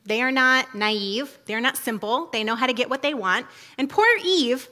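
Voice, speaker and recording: A woman's voice: on the high side, moderate pace, sharp tone. A woman giving a casual, humorous teaching talk, chatty and full of asides, laughing often.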